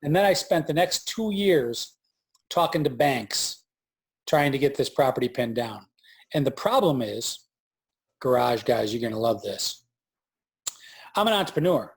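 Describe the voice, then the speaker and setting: A man in his forties speaks at medium pitch, unhurried, with vocal fry and frequent pauses. He's an entrepreneur guest telling a story in a casual interview from his farm, animatedly acting out the voices of those he quotes.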